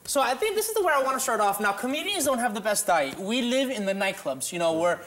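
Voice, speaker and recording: A man's voice: very high voice, big pitch swings, fast talker, fairly bright tone, slight background noise. A young man hosting a casual TV talk show, chatty and bantering with his guests. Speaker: comedian host.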